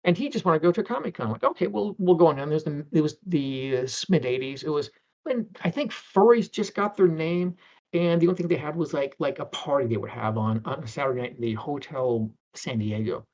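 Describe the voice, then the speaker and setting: A man's voice: on the high side, animated, a little fast, a little mellow. Rambling middle-aged man, lo-fi audio. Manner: rambling, many restarts, acts out quoted voices. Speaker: interview guest, animator. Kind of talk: anecdotal storytelling. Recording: dull lo-fi sound.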